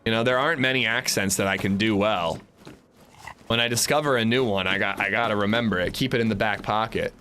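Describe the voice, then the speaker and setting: A man's voice: lowish voice, quick pace, sharp tone, slight background noise. A man streaming a survival game, chatting casually and answering his chat as he plays. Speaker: gaming livestreamer. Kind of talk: casual gameplay commentary.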